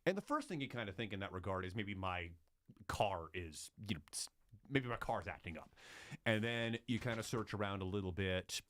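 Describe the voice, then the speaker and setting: A man, a former news radio reporter, recounting events in a relaxed, reflective interview chat. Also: on the low side, moderate pace. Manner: reflective storytelling, lively when retelling scenes.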